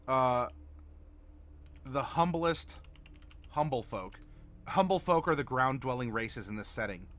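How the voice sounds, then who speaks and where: A man's voice: mid-range voice, sharp tone. A man hosting a livestream as game master, chatting casually and reading viewer messages aloud. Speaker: game master and stream host.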